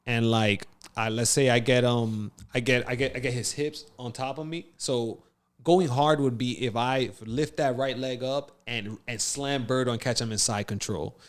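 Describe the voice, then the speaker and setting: A man co-hosting a casual podcast, telling a story with lively acted-out quotes and frequent laughs. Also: medium pitch, normal speed. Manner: animated storyteller, acts out quotes, laughs often. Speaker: podcast co-host.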